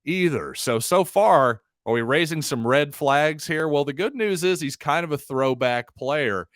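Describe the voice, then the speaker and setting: A man's voice: a little high, expressive, a little slow, fairly bright tone, no room sound. Guy doing his sports podcast solo, chatty and a bit sarcastic, dry close mic. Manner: conversational, wry and sarcastic asides. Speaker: podcast host.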